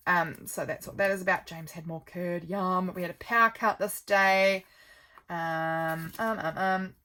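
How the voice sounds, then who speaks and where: A woman's voice: fairly low pitch, fairly bright tone. A woman, casually chatting and rambling as she flips through her calendar, with lots of ums. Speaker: vlogger.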